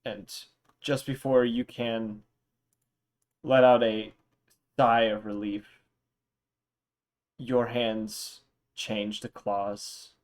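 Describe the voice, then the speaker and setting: A young man running a tabletop game as dungeon master, narrating in a relaxed, meandering way with fillers. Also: mid-range voice.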